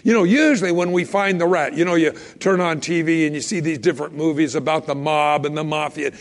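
A man preaching a sermon in a casual, animated way, acting out little scenes and quotes as he goes. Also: fairly high pitch, fast talker, few pauses. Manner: animated, conversational, acts out quotes. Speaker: pastor. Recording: long hall reverb.

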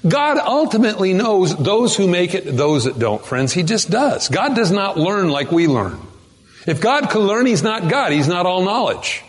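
A man delivering a sermon with a somewhat high voice that swoops up and down animatedly. He hammers home words by slowing right down on them. His voice rings out with the long reverb of a large hall. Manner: emphatic preaching, slows down to stress key words. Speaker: pastor.

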